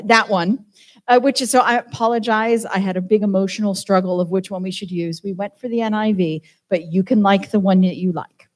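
A woman's voice: medium pitch, moderate pace, a little mellow. A woman with a British accent on a church team, giving an informal, chatty sermon with self-deprecating asides. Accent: British English. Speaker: church team member preaching.

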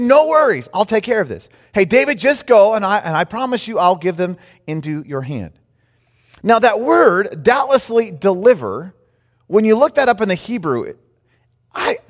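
Male pastor, high and very expressive, echoing in a large sanctuary. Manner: animated storytelling with shifting volume and pace. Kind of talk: sermon. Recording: reverberant hall.

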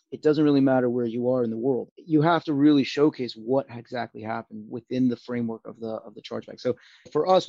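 Earnest male interview guest, gravelly, dry and lo-fi. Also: medium pitch, mellow, dry recording. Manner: earnest, restarts phrases often. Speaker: business owner in chargeback disputes. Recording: dull lo-fi sound.

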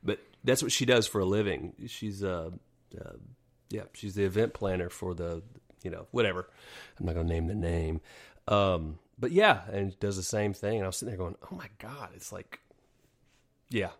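Middle-aged male co-host, low-pitched, sleepy, jokey, laughs often. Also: normal speed. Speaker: podcast co-host.

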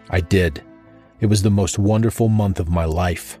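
A man's voice: low voice, fairly even intonation, normal speed, warm tone, faint music behind. A man reading a first-person story in a dry, wry manner. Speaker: narrator.

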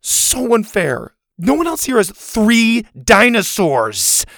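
A man's voice: sits high, very animated, moderate pace, creaky, no echo, studio quality, voice pushed up, full character voice. A man putting on an exasperated young girl. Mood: indignant. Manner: whiny, exasperated. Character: upset frustrated young girl camper.

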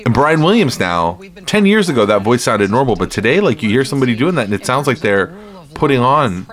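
A man's voice: medium pitch, big pitch swings, fairly quick. A man hosting a podcast in casual chat, talking in a profane, rambling, sardonic way. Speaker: podcast host.

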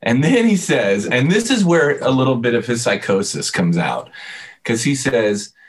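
A man's voice: medium pitch, moderate pace. A man in casual sports chat, animatedly retelling a game play by play. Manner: animated storyteller, replays moments play by play.

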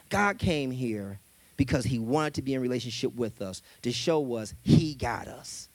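Male minister, high voice, punchy casual sermon delivery with repeated lines, dry close sound. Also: dry recording. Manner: emphatic, colloquial, repeats key phrases.

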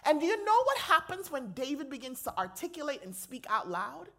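A woman's voice: high-pitched, big pitch swings, a little fast, sharp tone. A woman chaplain preaching a sermon to a live audience, conversational and playful with slangy asides. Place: lecture hall with an audience.

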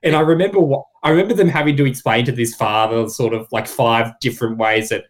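A man, a guest on a casual podcast, talking in a thoughtful, measured way. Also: medium pitch, steady tone, low-quality recording.

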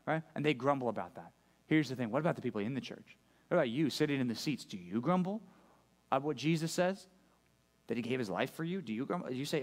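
A man's voice: medium pitch, lively intonation, brisk. A male pastor preaching a sermon to a church congregation, talking conversationally and often checking in with his listeners. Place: church service.

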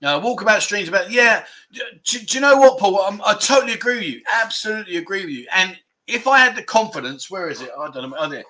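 At a quick pace, a man from England hosts a casual livestream at home, his high voice animated, bright and forceful. He reads viewer comments and chats, rambling and self-deprecating.

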